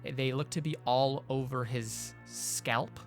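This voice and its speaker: A man narrating a tabletop game as game master in a measured, descriptive way. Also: mid-range voice, steady tone, faint music behind.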